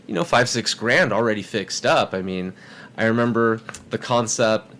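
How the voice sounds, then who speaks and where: A man's voice: fairly low pitch, moderate pace. A man telling a story in a casual podcast chat, acting out the voices of people in it. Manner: animated, acts out quoted voices. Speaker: podcast guest.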